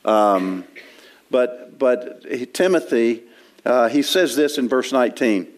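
Man preaching a conversational sermon. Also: lowish voice. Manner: conversational, with frequent restarts and fillers; quotes scripture and explains the Greek. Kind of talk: expository sermon. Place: church sanctuary.

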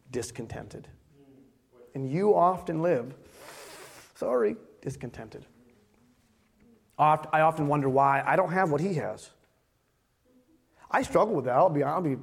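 High-voiced joking male pastor. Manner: casual, joking, animated preaching. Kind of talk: sermon.

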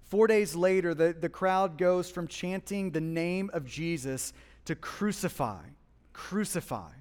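A man preaching a sermon as pastor, with passionate swings between hushed and loud emphasis, speaking in a church. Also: high voice, a little slow, clear, resonant tone, in a large hall. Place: church hall.

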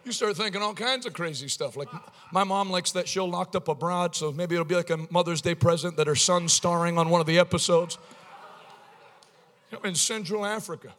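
Man, preacher, sermon storytelling, wry, conversational, very high pitch. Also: a little fast, a bit bright, in a large hall, a little hiss or hum.

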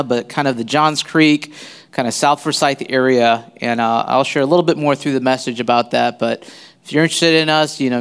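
A man giving a sermon as a visiting pastor in a church, speaking haltingly with many fillers and restarts. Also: mid-range voice, clear, resonant tone, in a large hall. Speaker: guest pastor. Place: church sanctuary.

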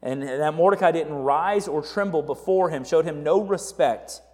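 A man preaching as a pastor in a casual, animated sermon who often checks in with "right?". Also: fairly high pitch, normal speed. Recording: echoey hall reverb.

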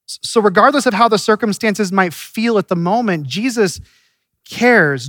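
A man's voice: sits high, animated, moderate pace, fairly bright tone, no echo, studio quality. A man preaching a sermon in an earnest, conversational way, often restarting his sentences. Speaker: pastor.

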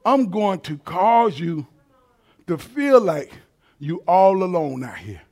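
Male preacher, high voice, animated and colloquial, quiet asides to shouting. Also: slow. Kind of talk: sermon.

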